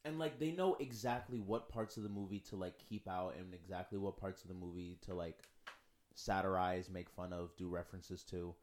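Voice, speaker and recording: A man's voice: deep voice, moderate pace, slight background noise. A man co-hosting a podcast in casual chat, talking enthusiastically with lots of filler words. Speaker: podcast co-host.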